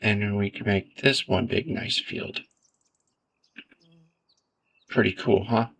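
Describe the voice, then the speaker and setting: Slow gravelly man narrating gameplay. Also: fairly low pitch. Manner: relaxed, self-deprecating, thinks aloud. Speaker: gaming video creator. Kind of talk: casual gameplay commentary.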